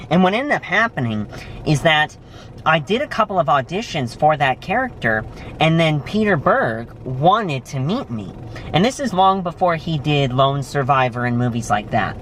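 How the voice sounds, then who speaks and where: Young man, vlogger, lively storytelling, restaurant chatter faintly behind. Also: measured pace, a little hiss or hum. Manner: animated storytelling, jumps high when excited. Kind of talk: casual chat. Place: restaurant, indoors.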